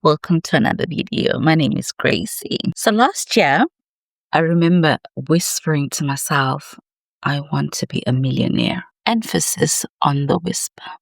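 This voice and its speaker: A woman's voice: deep voice, normal speed, gravelly, dry recording, studio quality. A woman in her thirties talking to camera in a reflective late-night vlog, personal and emphatic. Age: 30s. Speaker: vlogger.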